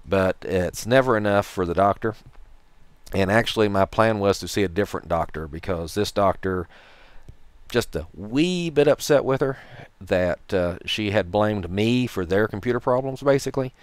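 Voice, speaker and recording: Deep-voiced Tennessee man, wry and rambling. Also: expressive, normal speed, smooth, dry recording. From Tennessee, USA. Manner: wry, rambling, dryly sarcastic storytelling. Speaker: vlogger. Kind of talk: casual talk to camera.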